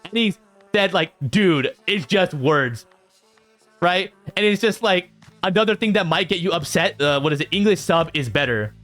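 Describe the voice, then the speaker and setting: A man reacting to viewer comments in a casual vlog, reading them out and answering with animated exasperation. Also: brisk, faint music behind. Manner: animated, jumps in pitch when exasperated.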